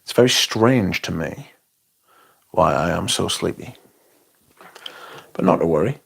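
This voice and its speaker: A man's voice: low-pitched, lively intonation, a little slow, gravelly, a bit bright, slightly rough. A sleepy man hosting a casual livestream, reading viewer comments aloud and answering them. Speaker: livestream host.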